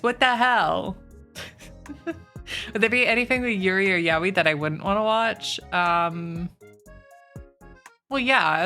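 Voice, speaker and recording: Chatty woman streamer, bright voice. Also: medium pitch. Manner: chatty, swearing, animated rants. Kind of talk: casual stream chat, reading chat.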